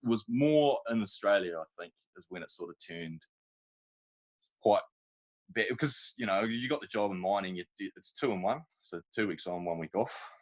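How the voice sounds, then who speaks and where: Laid-back New Zealand man, low voice. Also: expressive, normal speed, rough recording. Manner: rambling, self-interrupting anecdotes with colloquial slang. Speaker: podcast guest. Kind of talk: casual storytelling chat.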